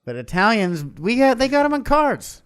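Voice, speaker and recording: A man's voice: very high-pitched, sing-song, normal speed, fairly bright tone, clear, resonant tone. A man from the United States co-hosting a podcast, joking and sarcastic, swearing often in casual banter. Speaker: podcast co-host.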